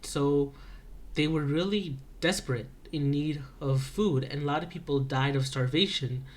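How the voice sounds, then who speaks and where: Halting teenage boy recapping schoolwork. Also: a little high. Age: teens. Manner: loose, halting, many restarts and fillers. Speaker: high school student. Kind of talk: school project vlog recap.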